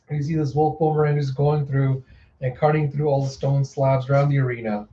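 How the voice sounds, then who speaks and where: Mellow-voiced man narrating a manga. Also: medium pitch, level tone, fairly quick. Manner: plain narration with a few slips. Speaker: reader. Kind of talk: casual manga readthrough narration. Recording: echoey room, dull lo-fi sound.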